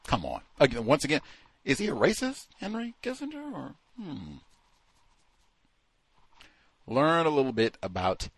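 A man's voice: on the low side, a bit bright, husky, dry recording. A man hosting a call-in show, talking casually and animatedly, acting out the voices of people he quotes. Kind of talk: casual radio talk.

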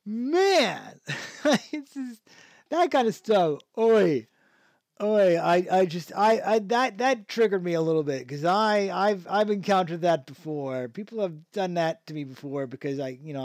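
A man's voice: sits high, darkish tone, no echo, clean studio sound. Rambling man hosting a review podcast. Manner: rambling, many restarts, frequent chuckles. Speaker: podcast host. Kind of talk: casual review chat.

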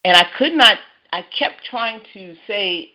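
A woman giving an earnest personal testimony on a church call, halting and repeating herself as she speaks. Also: mid-range voice, lively intonation, bright, forceful tone. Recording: muffled lo-fi call audio.

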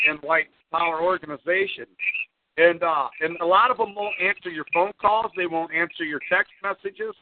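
A man in casual call-in talk, rambling through plain explanations. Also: sits high. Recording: tinny phone line with faint hiss.

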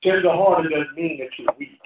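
A male pastor preaching a sermon with call-and-response, laughing at times and rising into shouts. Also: fairly high pitch, moderate pace, noisy background. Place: church sanctuary. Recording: echoey church hall, lo-fi. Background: congregation responding.

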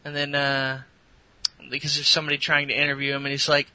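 Man, podcast host, casual rambling recap, very bright voice, dry close sound. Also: fairly high pitch, completely flat delivery, fast, no echo, low-quality recording. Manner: rambling, many fillers, crude humor. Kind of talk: casual wrestling recap chat.

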